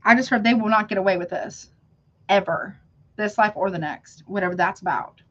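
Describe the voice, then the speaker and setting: A woman's voice: mid-range voice, a little fast, fairly bright tone, highs cut off. A woman giving a live tarot reading, talking casually to her viewers and calling them honey. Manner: chatty, calls viewers honey, self-interrupting. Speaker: tarot reader.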